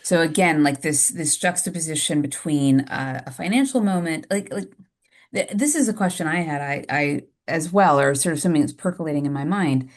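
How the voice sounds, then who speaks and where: A woman's voice: low voice, a little fast. A woman moderating a question-and-answer session, informally reading out audience questions and adding her own thoughts.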